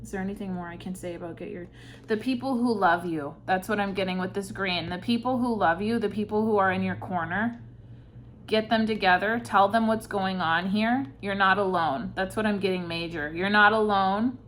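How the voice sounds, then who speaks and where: A woman giving an intuitive tarot reading, speaking softly and reflectively, with sighs and pauses between thoughts. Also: mid-range voice, a little hiss or hum. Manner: slow, soft-spoken, reflective, with sighs and pauses. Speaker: tarot reader.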